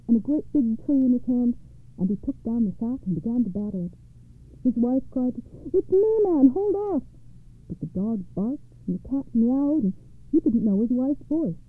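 Brief: female storyteller reading fairy tales, slightly high voice, tinny phone-like audio. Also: no room sound.

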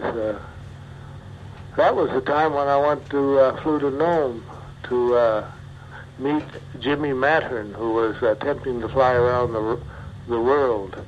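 Older man recalling flying days, halting. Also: mid-range voice. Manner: halting, many pauses and fillers. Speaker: retired bush pilot. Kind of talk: oral history interview. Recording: muffled archival tape with faint hiss.

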